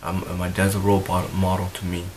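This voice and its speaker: A young man with a low, level voice speaks earnestly to camera, circling back and repeating himself as the feeling builds. His delivery stays steady in pitch and rarely lifts. A soft hiss runs under the recording. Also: fairly quick, rough recording. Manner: emotional, rambling, repeats himself. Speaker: vlogger.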